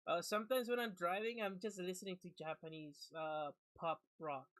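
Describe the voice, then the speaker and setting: A man streaming a horror game, reacting in casual, excitable chat full of slang and switching between English and Spanish. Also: high-pitched, moderate pace, dry recording, poor audio.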